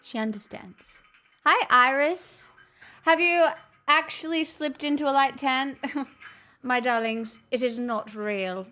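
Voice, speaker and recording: High-voiced playful young woman streamer. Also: takes it slowly, sharp tone. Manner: playful and teasing, calls viewers "my darlings", laughs often, swears casually. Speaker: livestream host chatting with viewers. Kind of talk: casual live-stream chat.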